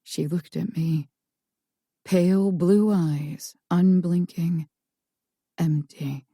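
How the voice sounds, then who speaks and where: A woman narrating a first-person thriller audiobook in a slow, tense storytelling manner. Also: fairly low pitch, steady tone, dark tone, slightly rough, dry recording, clean studio sound.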